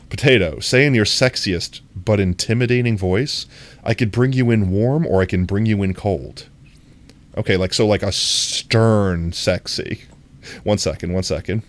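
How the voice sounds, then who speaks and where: A man's voice: fairly low pitch, normal speed. A man streaming a game, chatting casually and playfully with his viewers and laughing often. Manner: playful, giggly, talks to chat.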